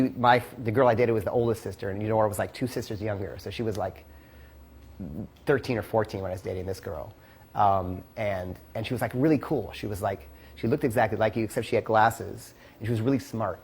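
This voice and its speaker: A man's voice: on the low side, slightly rough. A man teaching a casual seminar as a dating coach, rambling with lots of "like" and "you know" and the odd curse.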